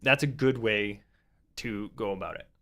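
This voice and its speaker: A young tabletop game YouTuber gives casual, rambling advice on tabletop role-playing, full of fillers and restarts. His voice is lowish with a sharp tone, at a moderate pace.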